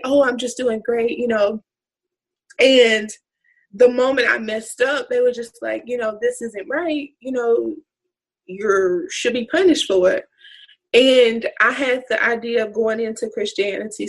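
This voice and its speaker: A woman's voice: a little high, husky, low-quality recording. A woman co-hosting a faith podcast, talking casually and earnestly. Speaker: podcast co-host.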